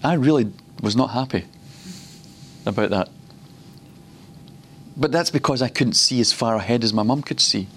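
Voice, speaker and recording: There's slight background noise as a Glasgow man gives a teaching sermon at a ministry school, his mid-range voice fairly bright in tone. He's a Scot who tells stories and slows to repeat words for emphasis.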